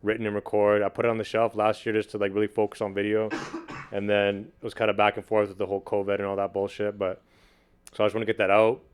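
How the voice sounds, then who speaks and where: A man chatting casually as a podcast guest, talking fast and loosely with lots of slang and "like". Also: fairly low pitch, completely flat delivery, clean tone. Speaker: podcast guest, video producer and beatmaker. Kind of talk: casual chat.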